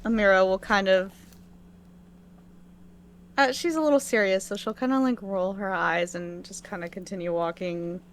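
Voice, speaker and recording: Woman tabletop player, mid-pitched, casual and hesitant. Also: fairly even intonation, moderate pace, long pauses, slight background noise.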